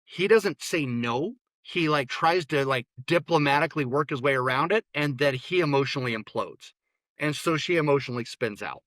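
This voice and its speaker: A man's voice: on the high side, expressive, moderate pace, a bit bright, dry recording. A man, a therapist and interview guest, talking bluntly and opinionatedly, often restarting his words. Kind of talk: casual interview talk.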